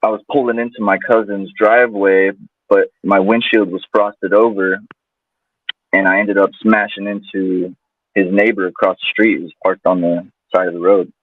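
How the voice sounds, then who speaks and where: A man's voice: low voice, little pitch movement, moderate pace, breathy edge, dry recording. A man guest telling a personal story in a loose, casual way, full of fillers. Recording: tinny phone-like line, dry.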